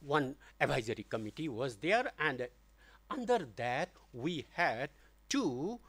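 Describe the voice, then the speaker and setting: Slow, animated lecturer. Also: male voice, mid-range voice, slightly rough. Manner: deliberate, halting, with many fillers and restarts. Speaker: guest lecturer. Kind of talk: academic memorial lecture. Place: lecture hall.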